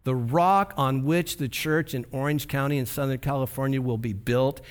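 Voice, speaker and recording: A man's voice: medium pitch, normal speed. A man preaching a sermon as a pastor, in a conversational, folksy way with rhetorical asides.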